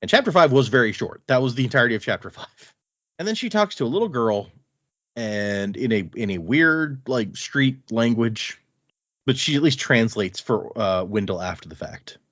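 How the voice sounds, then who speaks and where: A man's voice: medium pitch, lively intonation, moderate pace, a bit bright, no room sound, dull audio. A man co-hosting a podcast, casually and animatedly retelling chapters of a book. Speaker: podcast co-host.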